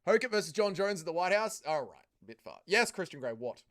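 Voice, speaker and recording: A man's voice: high-pitched, very animated, fast, a bit bright. A young Australian man hosting a casual fight watch-along stream, joking, swearing and answering chat. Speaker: livestream host.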